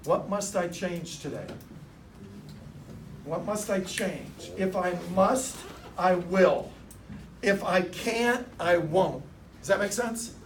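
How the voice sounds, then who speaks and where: High-voiced man leading a sales rally. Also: slow, long pauses, distant mic, a little hiss or hum. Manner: punchy, rallies audience into call-and-response. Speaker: sales coach. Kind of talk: motivational sales talk. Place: dealership meeting room.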